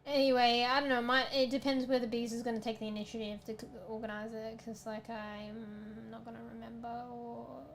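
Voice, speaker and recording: A tired female streamer chats casually with her viewers over game music, rambling playfully and often correcting herself. Her voice is a little high and flat, and she speaks fairly quickly with hardly any pauses against slight background noise.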